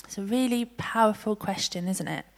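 A woman gently leading a congregation in prayer and response. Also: medium pitch, normal speed, gravelly. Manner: gentle, inviting. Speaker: worship leader.

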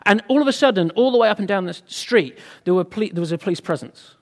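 Chatty, high-voiced British preacher. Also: male voice, lively intonation, fast talker. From Britain. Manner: chatty, humorous storytelling to a congregation. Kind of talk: sermon with anecdote.

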